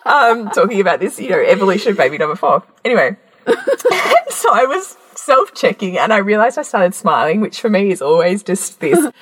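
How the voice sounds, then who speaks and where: A woman's voice: mid-range voice, fairly quick, breathy edge. A middle-aged woman hosting a podcast, telling a story in casual chat and laughing often. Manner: lively storytelling with frequent laughter. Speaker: podcast host.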